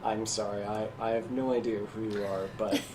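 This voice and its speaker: A man's voice: lowish voice, steady tone, a little mellow, close to an everyday voice. A man voicing a confused, apologetic male dwarf spirit who stammers and halts. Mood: bewildered. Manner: halting, stammering. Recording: distant mic with clear noise.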